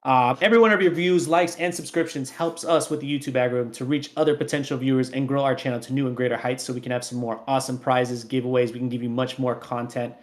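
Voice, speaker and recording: A man's voice: mid-range voice, fairly even intonation, quick pace, hardly any pauses. A man hosting a sports podcast, chatting casually and reading promos for the show in a playful, upbeat way. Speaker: podcast host.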